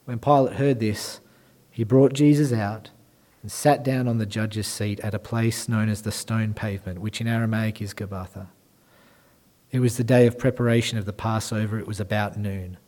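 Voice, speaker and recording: A man preaching a sermon, moving from hushed lines to loud, emphatic ones. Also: lowish voice, unhurried, long pauses. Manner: swings from quiet to loud and emphatic.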